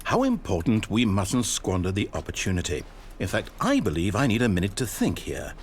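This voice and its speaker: A man's voice: fairly low pitch, huge pitch swings, fairly quick, a little hiss or hum. An actor playing a theatrical, wry male narrator in a video game, with a dry storybook delivery. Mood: grand. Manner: swings from grand to panicked. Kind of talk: scripted narration.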